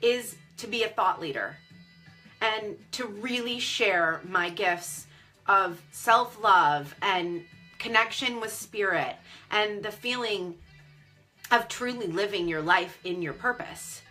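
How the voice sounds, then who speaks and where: A woman's voice: mid-range voice, slow, soft background music. A woman coach talking candidly and emotionally to viewers on a live video stream, close to tears at times. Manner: animated, candid. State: tearful. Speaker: online business coach. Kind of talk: Facebook Live chat.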